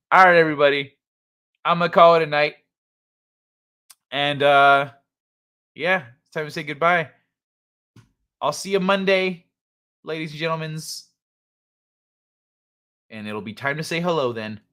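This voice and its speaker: A man's voice: fairly high pitch, a little slow, long pauses, sharp tone, clean tone. A man hosting a casual late-night livestream, laid-back and chuckling as he reads the chat aloud. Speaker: livestream host.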